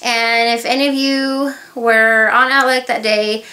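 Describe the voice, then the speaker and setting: A woman chatting her way through a beauty haul review, rambling from point to point with plenty of asides. Her voice sits a little high and sounds bright and forward. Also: steady tone, unhurried. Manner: rambling, chatty, full of filler words and asides. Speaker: beauty vlogger. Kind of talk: casual haul review chat.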